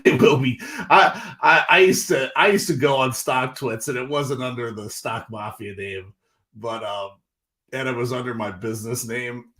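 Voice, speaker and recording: A man, hosting a casual livestream with animated, exasperated talk full of fillers. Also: mid-range voice, normal speed. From Northeastern US. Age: 40s. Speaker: livestream host.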